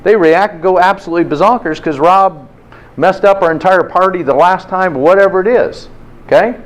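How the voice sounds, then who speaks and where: Over poor audio, a man whose voice sits high moves at a brisk clip through a motivational health talk. He tells stories with lots of energy and challenges listeners with rhetorical questions.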